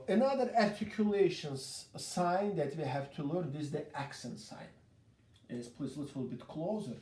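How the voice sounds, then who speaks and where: Slow, patient piano teacher in an echoey room. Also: male voice, mid-range voice, mellow. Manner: patient, repetitive explaining with counting aloud. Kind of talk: piano lesson. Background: piano playing.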